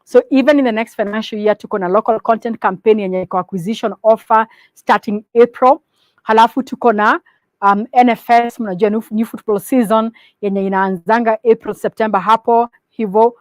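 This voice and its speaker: A woman with a Kenyan accent giving a business presentation to partners. She switches between English and Swahili mid-sentence and speaks in a measured, instructive way. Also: on the high side, fairly even intonation, no echo. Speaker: company presenter.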